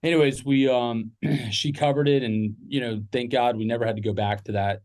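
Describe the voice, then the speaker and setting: A man's voice: mid-range voice, fairly even intonation, moderate pace, a little mellow. A middle-aged man telling a personal business story casually, rambling with fillers and restarts. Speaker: podcast guest, business owner.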